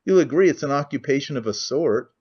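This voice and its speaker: A man's voice: medium pitch, lively intonation, fast, darkish tone, breathy edge. A man voicing a cynical, talkative middle-aged nobleman who rambles with languid candor, on a muffled lo-fi recording.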